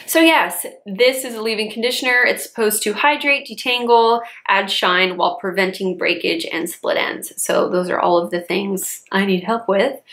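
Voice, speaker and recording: A woman's voice: mid-range voice, fairly bright tone. A young woman in her twenties, a chatty beauty vlogger reviewing hair care products with lots of casual fillers.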